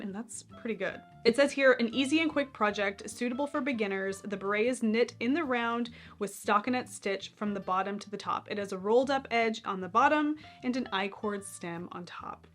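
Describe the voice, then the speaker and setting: A woman's voice: mid-range voice, a little fast, hardly any pauses, a bit bright, faint music behind. A young woman hosting a knitting podcast, chatting casually and enthusiastically about her favorite patterns, now and then poking fun at herself. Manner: chatty, enthusiastic, self-deprecating.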